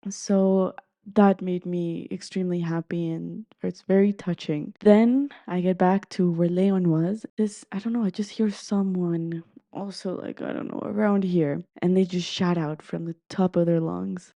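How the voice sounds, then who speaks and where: A woman's voice: on the low side, unhurried, dark tone, no room sound, lo-fi sound. A woman podcast host telling a personal story in an earnest, emotive, heartfelt way.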